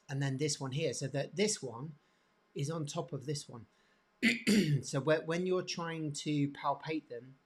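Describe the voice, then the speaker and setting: A man teaching hand anatomy off the cuff, pointing to bones, with many restarts and frequent throat clearing. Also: fairly high pitch. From England. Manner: halting, repeats words, frequent throat clearing. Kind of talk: unscripted teaching demonstration.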